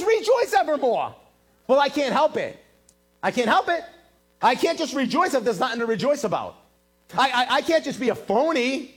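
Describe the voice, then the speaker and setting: A male pastor preaching a sermon, telling a story with lively acted-out quotes. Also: extremely high pitch, husky. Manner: animated storytelling, acting out quotes. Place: church in Massachusetts.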